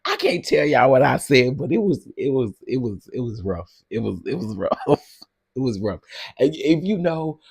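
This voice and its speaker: A man chats with his livestream viewers, laughing often and talking straight to the chat. His voice is a little husky and swings widely in pitch. The sound is close and dry, with no room around it. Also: dry recording. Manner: animated, laughs often, addresses chat directly. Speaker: livestream host.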